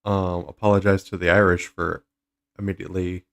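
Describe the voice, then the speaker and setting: A man's voice: low voice, flat delivery, a little fast, fairly bright tone. A man hosting a stream, chatting casually over a game and rambling through explanations with lots of fillers. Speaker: streamer host. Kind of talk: casual gaming chat.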